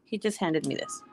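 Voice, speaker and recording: A woman's voice: mid-range voice, a bit bright, dry recording. Laughing woman with a Mexican Spanish accent. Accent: Mexican Spanish-influenced American English. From United States. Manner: rambling, laughs often, swears casually. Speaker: streamer. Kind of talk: casual chat with viewers.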